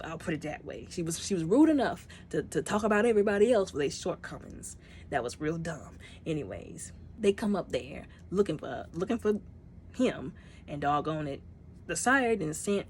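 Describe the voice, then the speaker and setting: A woman's voice: fairly low pitch, a little hiss or hum. A woman giving a casual spoken movie review, retelling scenes and acting out the characters' lines.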